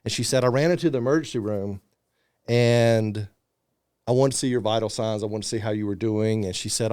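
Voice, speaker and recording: Smooth-voiced man telling his story. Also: on the low side, no room sound, clean studio sound. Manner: animated storyteller, acts out quoted voices. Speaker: podcast guest, motivational speaker. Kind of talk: casual storytelling interview.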